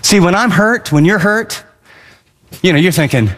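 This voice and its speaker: Male radio preacher with a high voice, emphatic and chatty, in a hall with long reverb. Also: animated, moderate pace, fairly bright tone. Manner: emphatic, conversational preaching with acted-out asides. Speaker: pastor. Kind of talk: radio sermon.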